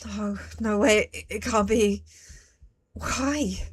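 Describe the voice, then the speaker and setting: A woman streaming a mystery game, talking to herself and her viewers, jumpy and quick to swear when startled. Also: mid-range voice, breathy edge. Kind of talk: live game commentary.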